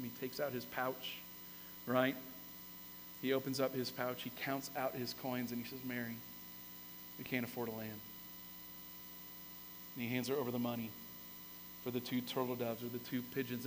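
A man preaching a sermon as pastor, telling the story with lively, animated emphasis that swells to loud peaks. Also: mid-range voice, big-room sound, slight background noise, low-quality recording. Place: church sanctuary.

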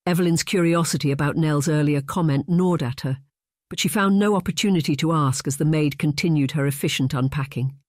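An audiobook narrator reading a romance novel in an even, measured scripted style. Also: mid-range voice, dry recording, studio quality.

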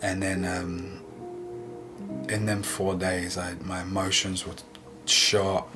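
A man sharing a personal faith testimony in an earnest, emotional, halting way. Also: sits low, monotone. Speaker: guest sharing a healing testimony. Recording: music playing underneath.

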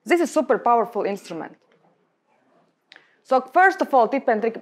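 A young adult woman with a Latvian accent, giving a lecture on public speaking to a room of colleagues in emphatic, halting non-native English. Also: a little high, very animated, breathy edge. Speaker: guest speaker.

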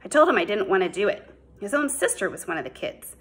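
A woman voicing a quick-tempered teenage boy in an audiobook, heated and accusing. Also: medium pitch, very animated, a bit bright, breathy edge. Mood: defensive. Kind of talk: audiobook character voice.

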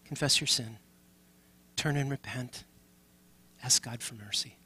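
A male pastor leads communion with a bright, forward tone and a husky edge to his voice. He speaks earnestly and turns often to the congregation, inviting them to respond. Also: mid-range voice, measured pace. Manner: earnest, calls on the congregation directly. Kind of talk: leading a communion service.

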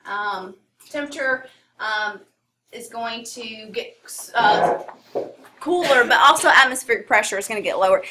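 Woman teacher, bright high voice, rambling with fillers, classroom echo from a distance. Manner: casual, rambling, many fillers. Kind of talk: classroom lecture.

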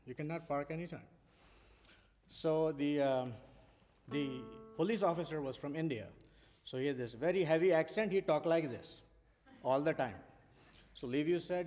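A man's voice: fairly high pitch, moderate pace, a little mellow. A man speaking onstage to a festival audience, telling a chatty anecdote. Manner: chatty anecdotal, addressing the crowd. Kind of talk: storytelling to an audience. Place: concert hall stage. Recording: long hall reverb.

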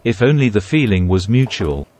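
A haughty pet bird, put on by a man in a lowish, deadpan voice, tossing out flat, cutting insults. The tone stays dry and superior, never raising its energy, as if nothing impresses it. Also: moderate pace. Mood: snooty. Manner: dry, cutting put-downs delivered flatly. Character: snooty pet bird, male, condescending and insulting.

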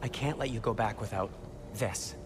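A man's voice: on the low side, normal speed, music in the background, close to an everyday voice. An actor playing a nervous, fussy male dwarf smith in a video game, speaking fretfully and carefully. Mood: anxious.

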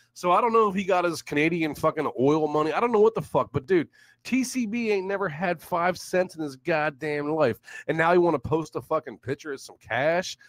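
Loud, animated ranting man with swearing. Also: on the high side, dry recording. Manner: loud profane ranting, frequent swearing, laughing mockery. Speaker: livestream host. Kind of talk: profane ranting live stream.

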